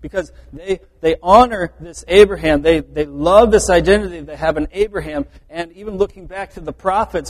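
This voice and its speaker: A man's voice: high-pitched, moderate pace, hardly any pauses, a little mellow. A man preaching a sermon, explaining verse by verse in an earnest way and often restarting his phrases. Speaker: pastor. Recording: reverberant hall.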